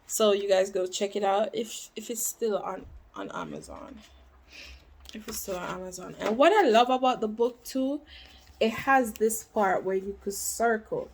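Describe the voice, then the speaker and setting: A woman vlogging about books she has read, chatting casually and repeating quotes with rising emphasis, dropping into soft asides. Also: mid-range voice, normal speed, a little hiss or hum. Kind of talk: casual book talk to camera.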